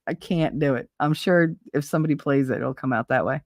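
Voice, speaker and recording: Middle-aged woman streamer, low-ish voice, dry close sound, blunt and sweary, cracks up a lot. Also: expressive, brisk, dry recording. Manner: blunt, profane and sarcastic, laughs often. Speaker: live streamer. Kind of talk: casual live-stream chat, answering viewer comments.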